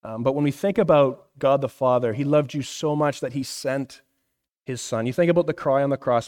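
A man's voice: medium pitch, normal speed, darkish tone. A man in his thirties, a pastor preaching a conversational sermon, asking the room questions and often checking in with "right?". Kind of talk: interactive sermon teaching. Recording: reverberant hall.

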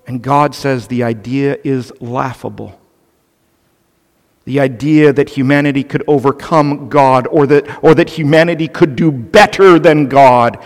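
A man's voice: medium pitch, fairly even intonation, measured pace. A male pastor preaching a sermon earnestly and with animation, turning to the children with playful asides. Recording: long reverb of a large hall.

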